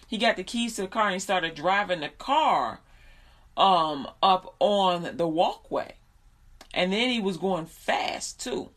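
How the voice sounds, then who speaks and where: A woman telling a story in a casual, conversational way, with fillers and restarts, who becomes animated as she retells it. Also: lowish voice. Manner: animated, laughs and shouts while retelling. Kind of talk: casual storytelling with faith talk.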